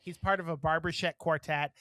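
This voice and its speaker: A man co-hosting a podcast, chatting casually in a blunt, profane, animated way. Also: fairly high pitch, brisk, dry recording. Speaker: podcast co-host. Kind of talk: casual chat.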